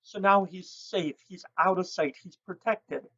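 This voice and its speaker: A woman raptor educator telling lively stories and mimicking bird calls as she explains owl behavior. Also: lowish voice, measured pace, slightly rough, muffled recording. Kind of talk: educational storytelling.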